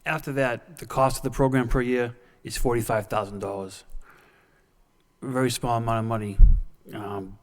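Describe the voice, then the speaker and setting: A man's voice: mid-range voice, steady tone, moderate pace. A male councilor laying out costs and plans in a plain, businesslike manner, with frequent ums. His voice carries a long reverb from the council hall. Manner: businesslike, filler-heavy, plain talk. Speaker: public safety subcommittee chairman. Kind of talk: council presentation. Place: council chamber.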